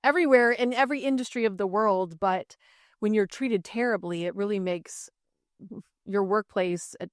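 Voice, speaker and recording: A woman's voice: medium pitch, normal speed, dry recording, studio quality. A woman co-hosting a podcast, speaking earnestly and reflectively in casual chat. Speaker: podcast co-host, media worker.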